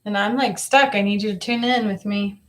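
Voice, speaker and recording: A woman's voice: mid-range voice, fairly even intonation, fairly quick. A woman giving a live psychic reading to a viewer, talking in a coaxing, repetitive way and circling back over the same phrases. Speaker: psychic reader.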